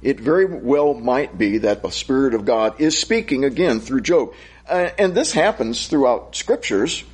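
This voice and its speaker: A man teaching a Bible study, reading scripture slowly and solemnly, then thinking aloud and asking rhetorical questions. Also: medium pitch, lively intonation, a little mellow, slightly rough.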